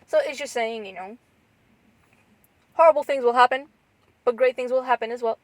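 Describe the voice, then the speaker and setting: Woman podcast host, rambly and excited, a bit high-pitched voice, lots of um and like. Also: normal speed, pauses often, no room sound, low-quality recording. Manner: rambling, frequent restarts and fillers, enthusiastic. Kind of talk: casual chat.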